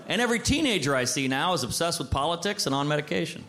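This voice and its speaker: Lively thirties man doing stand-up. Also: a little high, fast. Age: 30s. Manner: punchy, animated, acts out other people in quotes. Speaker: stand-up comedian. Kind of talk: stand-up comedy set. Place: comedy stage before an audience. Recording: noisy live stage recording.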